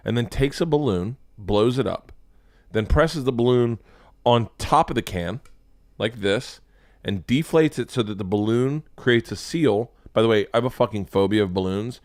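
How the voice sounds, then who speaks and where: A man hosting a show, giving sarcastic, profane running commentary on videos in an animated way. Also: medium pitch, moderate pace, no echo, clean studio sound. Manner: animated, sarcastic, swears a lot. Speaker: show host.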